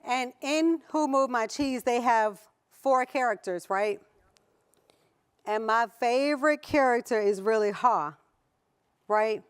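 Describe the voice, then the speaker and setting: A smooth, slightly high voice belongs to a Southern-accented woman speaking slowly. She's the keynote at a conference, giving a motivational talk to the audience in the hall while playfully laughing and asking them questions.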